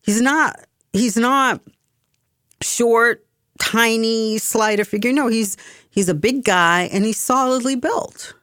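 A woman's voice: on the high side, takes it slowly, a bit bright, no room sound, clean studio sound. A woman giving an emphatic, exasperated political commentary monologue, often restarting her sentences.

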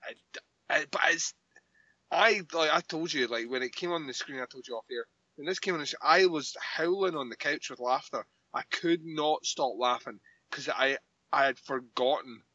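An animated man co-hosting a casual podcast, laughing and swearing as he talks. His voice is bright and sits a bit high. The sound is dry and dull, like a muffled home recording. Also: moderate pace, no echo. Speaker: podcast co-host.

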